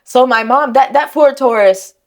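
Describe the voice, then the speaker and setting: A woman co-hosting a podcast, telling a story in casual chat, laughing and acting out voices in high shrieks. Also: normal speed. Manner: animated, laughing, acts out quotes in high shrieks. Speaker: podcast co-host.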